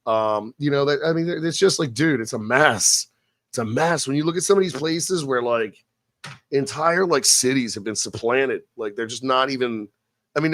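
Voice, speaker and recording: A man hosts a live stream, chatting casually and ranting in a profane, rambling way before slowly reading scripted narration. His voice is fairly high and fairly bright, recorded dry in studio quality.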